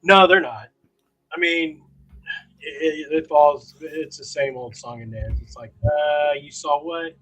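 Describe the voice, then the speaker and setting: A man's voice: on the high side, unhurried, sharp tone, slightly rough, low-quality recording. A man hosting a casual streamed chat, easygoing and agreeable. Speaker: host. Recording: faint music behind.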